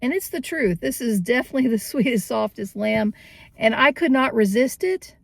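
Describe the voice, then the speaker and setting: A woman's voice: high voice, animated, fairly quick, no room sound. A woman hosting a casual vintage-shopping vlog, chatty and cheerful, often laughing as she talks. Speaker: vintage vlogger.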